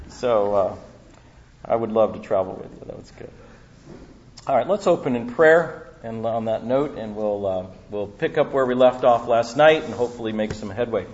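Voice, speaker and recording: A man's voice: fairly low pitch, moderate pace, a little mellow, lo-fi sound. A man preaching at a conference, telling stories casually with lots of fillers before moving into prayer and teaching. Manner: casual storytelling with many fillers. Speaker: guest preacher. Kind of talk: conference sermon. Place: conference hall. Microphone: handheld or stand microphone.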